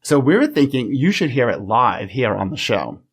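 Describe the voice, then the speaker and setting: A man's voice: mid-range voice, very animated, breathy edge. Playful male podcast co-host. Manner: playful, reads his own poem aloud slowly. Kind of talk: casual podcast chat.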